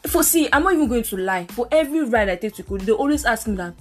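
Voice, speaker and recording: A young woman with a Nigerian accent chats quickly on a podcast, her voice sitting a little high. She tells stories in a lively way and often laughs. Faint music sits under the talk. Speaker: podcast co-host. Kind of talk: casual chat.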